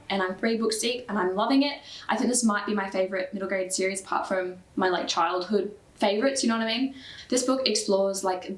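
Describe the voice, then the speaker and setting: Chatty Australian woman in an echoey room. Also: medium pitch. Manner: chatty, fillers of "like", quick bursts. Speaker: book vlogger. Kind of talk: casual book review chat.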